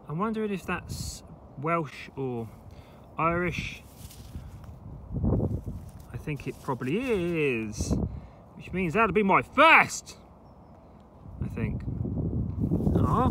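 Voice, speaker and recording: Male vlogger, outdoors, lively swinging pitch, excitable, faint field noise. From England. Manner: chatty, excitable over finds. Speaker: metal detecting vlogger. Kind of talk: casual vlog commentary.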